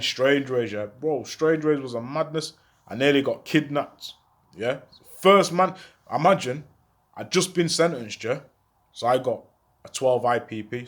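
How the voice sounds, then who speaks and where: Man, slangy storyteller with a higher-pitched voice, acts out every line of dialogue. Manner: street slang, keeps checking in with the listener. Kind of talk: casual storytelling to camera.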